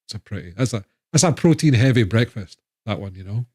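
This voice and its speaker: A man's voice: on the low side, expressive, a little fast, warm tone, no echo. Chatty Scottish man, dry close sound. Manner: chatty, rambling, self-interrupting. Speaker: streamer. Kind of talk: casual live-stream chat.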